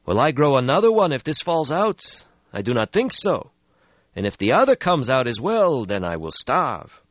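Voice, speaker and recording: A man's voice: medium pitch, sing-song, no room sound, voice pushed up, natural voice. Stretsky, a man voicing a weary ancient vampire. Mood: bitter. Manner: slow, mournful, world-weary. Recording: slightly muffled lo-fi audio.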